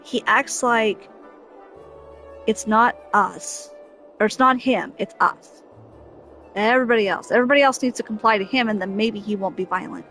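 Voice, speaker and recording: A woman's voice: medium pitch, moderate pace, long pauses, fairly bright tone, soft background music. A woman streaming a game, talking casually and venting in an exasperated, emphatic way that keeps circling back to the same point. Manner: exasperated, emphatic, repeats herself. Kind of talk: casual venting chat over gameplay.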